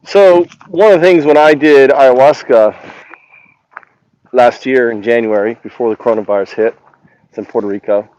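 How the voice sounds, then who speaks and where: A man recounting his experience in a halting, rambling monologue, often stopping to search for words. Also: medium pitch, darkish tone. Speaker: channel host. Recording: dull lo-fi recording.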